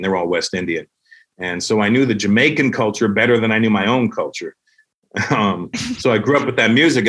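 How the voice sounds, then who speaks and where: A middle-aged man from Canada, a comedian guest on a podcast, telling stories in a lively way and acting out other people's voices. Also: fairly low pitch. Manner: animated storyteller who acts out voices with lots of profanity. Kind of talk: casual podcast conversation.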